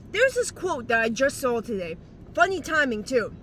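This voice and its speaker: A young woman vlogger giving life advice rants in a casual vlog, heated, exclamatory, and swearing plenty. Her high, sing-song voice is fairly bright and moves at normal speed, with a slight lisp from dental aligners.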